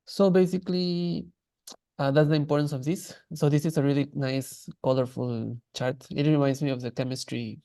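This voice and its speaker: Gravelly casual male language teacher. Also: fairly high pitch, fairly even intonation, normal speed, warm tone, no room sound. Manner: casual, many restarts, demonstrates sounds. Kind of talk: online class lecture.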